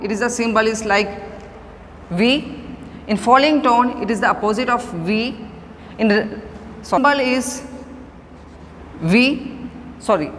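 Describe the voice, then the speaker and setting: A woman's voice: on the high side, a bit bright. Woman teaching in an echoey room. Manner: slow, repetitive, stresses key words. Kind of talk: online phonetics lecture. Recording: long echo, faint background noise.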